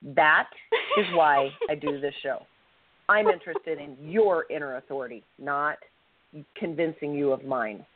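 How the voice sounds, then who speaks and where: A woman's voice: low-pitched, a little slow, slight background noise. Woman telling a story over a tinny line. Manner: animated storyteller, acts out quotes. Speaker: podcast co-host. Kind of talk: casual storytelling. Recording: tinny phone-line sound, dry.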